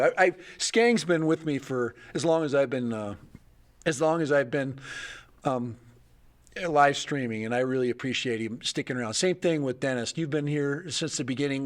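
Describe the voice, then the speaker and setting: A man's voice: medium pitch, moderate pace. A middle-aged man hosting a live stream, chatting casually and rambling, often restarting his sentences and laughing.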